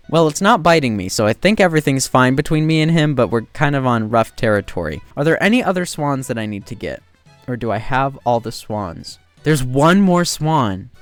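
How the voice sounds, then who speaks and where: A man giving casual, joking commentary while playing a game, getting excited and loud when he spots something new. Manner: excitable, jumps to high squeals when spotting birds; self-deprecating, joking asides. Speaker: gaming video creator.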